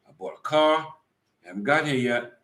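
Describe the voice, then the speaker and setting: In an echoey room, a middle-aged vlog co-host from the United States holds forth in a casual live chat, speaking fast with emphasis and a slightly preachy edge. His mid-range voice is animated and fairly bright.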